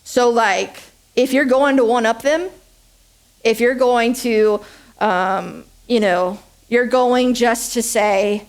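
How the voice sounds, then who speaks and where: High-voiced woman giving a chatty sermon. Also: slow pace. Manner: chatty, joking, self-deprecating, asks "okay?" and "right?" often. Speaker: speaker at a church service. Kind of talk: conversational sermon.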